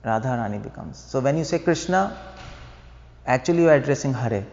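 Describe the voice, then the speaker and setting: A man preaches a devotional lecture in a temple hall, his animated, gravelly, slightly mellow voice at medium pitch and a fairly quick clip. He explains his points, asks the audience rhetorical questions, and chuckles at his jokes, all heard through a dull, lo-fi, echoey recording.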